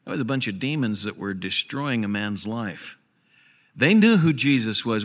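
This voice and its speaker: A man's voice: lowish voice, expressive, moderate pace, in a large hall. A man preaching a sermon as a pastor, emphatic and repeating key phrases for stress. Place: church sanctuary.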